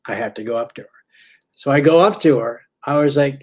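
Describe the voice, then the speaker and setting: A man's voice: medium pitch, brisk. A man from St. Louis, a stand-up comedian guest on a podcast, tells a story in a rambling way, correcting himself and acting out the voices of the people he quotes.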